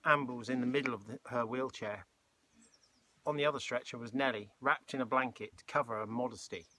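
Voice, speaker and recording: A man reading a children's novel aloud, relaxed, with chatty asides between passages. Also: mid-range voice, fairly quick. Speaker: storybook reader.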